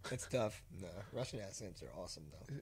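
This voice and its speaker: A man's voice: lowish voice, expressive, brisk. A young man hosting a podcast in casual chat, rambling and cursing, his sentences full of fillers and restarts. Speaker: podcast host.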